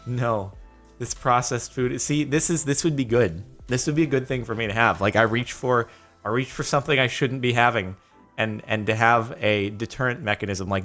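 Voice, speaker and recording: A man of middle pitch chats through a casual reaction video, laughing often. Faint music plays behind him. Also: brisk, a bit bright. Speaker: YouTube host.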